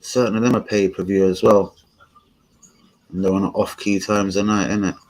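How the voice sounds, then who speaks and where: A relaxed man with a fairly low voice, hosting a live stream. He chats loosely with his viewers, full of slang and frequent swearing. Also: normal speed, rough recording. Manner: laid-back, slangy, swears often. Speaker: streamer and channel host. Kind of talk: casual live-stream chat.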